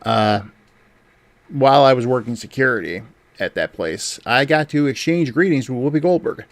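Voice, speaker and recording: A man's voice: medium pitch, expressive, normal speed. A man hosting a livestream, telling casual anecdotes with frequent laughs. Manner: chatty, laughs often, acts out quoted voices. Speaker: podcast host.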